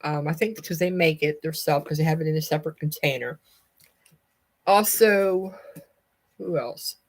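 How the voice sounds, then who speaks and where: A woman's voice: deep voice, moderate pace. A woman with a Southern US accent chatting casually on a live stream, rambling from topic to topic and breaking off to call her cat.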